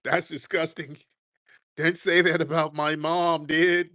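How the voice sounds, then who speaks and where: Man putting on an outraged teen boy, high and cracking, mock-whiny. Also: little pitch movement, slow pace, sharp tone, dry recording, studio quality. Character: whiny offended eighteen-year-old male troll.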